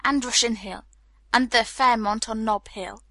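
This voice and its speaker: A woman reading the lines of a lively, teasing young Californian woman in an audiobook, with a light, slightly wistful manner. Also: on the high side, measured pace, dry recording, heavily acted.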